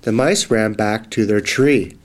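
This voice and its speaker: A man reading a children's phonics book aloud, slow and clearly enunciated. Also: fairly low pitch. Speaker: reader.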